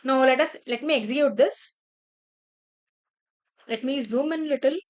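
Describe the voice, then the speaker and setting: A woman teaching a programming lesson over a screen share. She explains step by step and keeps checking with "right?" and "clear?". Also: sits high, measured pace. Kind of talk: screen-share coding tutorial.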